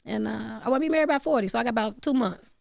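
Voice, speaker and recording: Woman, late 30s, comedian guest, gravelly, loud, laughing, dry studio sound. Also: fairly high pitch, very fast, dry recording. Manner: loud, laughing, swears freely. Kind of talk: casual radio interview chat.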